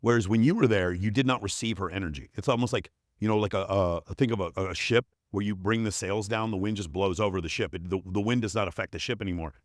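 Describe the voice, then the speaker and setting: A man's voice: on the low side, quick pace, few pauses, dry recording, clean studio sound. A man talking as a guest on a podcast, telling blunt, profane stories and giving emphatic advice. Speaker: performance coach, podcast guest. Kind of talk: casual interview chat.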